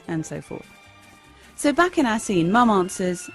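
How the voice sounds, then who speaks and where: A woman teaching improv comedy in a bright, demonstrative instructional narration. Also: mid-range voice, sing-song, a little slow, pauses often, faint music behind. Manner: bright, demonstrative, sing-song.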